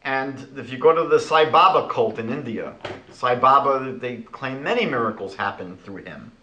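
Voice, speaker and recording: Animated man lecturing in an echoey room. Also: mid-range voice, moderate pace, slight background noise. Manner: animated, rhetorical, retells conversations. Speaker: rabbi lecturing.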